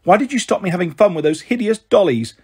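Tiny proud fairy girl, prim and bossy, high and husky , read by a man. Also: brisk. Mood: lively. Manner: prim, lively, insistent. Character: tiny frail female fairy, proud and playful.

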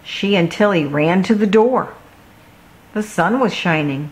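A woman reading a children's picture book aloud, slow and expressive. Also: fairly low pitch, low-quality recording. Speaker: children's story reader. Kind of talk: storybook read-aloud.

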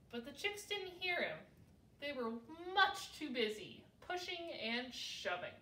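Sing-song children's librarian, roomy. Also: female voice, sits high, sing-song, measured pace, bright, forceful tone. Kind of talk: storytime read-aloud for babies. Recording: roomy, from a distance.

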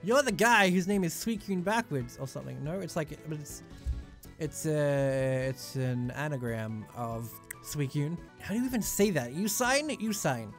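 A young man plays a video game and offers rambling, jokey commentary at normal speed. His voice runs on the high side and sounds animated, with faint background music.

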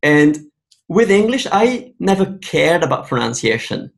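Italian man hosting an interview, higher voice, hesitant, restarts sentences. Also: sing-song, a little slow, vocal fry. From Italy. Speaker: host. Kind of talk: casual interview.

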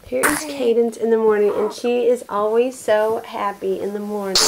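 A woman's voice: a little high, fairly even intonation, moderate pace, gravelly, few pauses, background noise. A mother at home talking to her newborn in sing-song, coaxing baby talk, recorded on a camcorder. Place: at home, indoors. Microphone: built-in camcorder mic.

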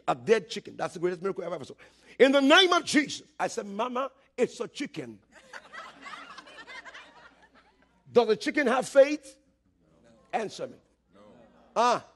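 Male preacher, high-pitched, husky, impassioned sermon, calls out to the crowd. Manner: impassioned, building to shouts, calls for audience response. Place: church service, streamed live.

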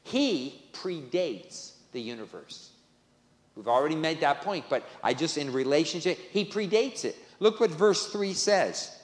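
A male pastor delivers a sermon, driving home key phrases by repeating them. His slightly high voice is expressive and unhurried, recorded in an echoey church sanctuary with a long reverb tail.

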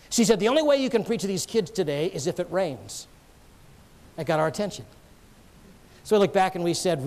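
High-voiced man preaching a sermon. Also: darkish tone. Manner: earnest, storytelling with jokes to the congregation.

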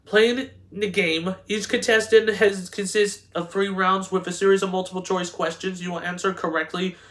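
Man, high-pitched voice, reading game instructions, halting, stumbling, many restarts. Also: steady tone, fairly bright tone. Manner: halting, stumbling over words with frequent restarts. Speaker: host.

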